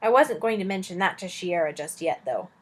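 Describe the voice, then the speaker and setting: Expressive woman reading a children's book. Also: fairly low pitch, brisk. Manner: expressive, with chatty asides to listeners. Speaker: teacher reading aloud. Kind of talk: reading a children's novel aloud.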